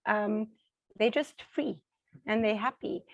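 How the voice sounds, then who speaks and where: A middle-aged woman with a South African accent, an interview guest talking casually at home, animated and acting out the voices of people she quotes. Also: medium pitch, takes it slowly, gravelly, no echo, highs cut off.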